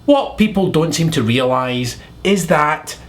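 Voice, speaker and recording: Man doing a soothing undead pop star, earnest, forgiving, higher voice. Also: expressive, a little slow.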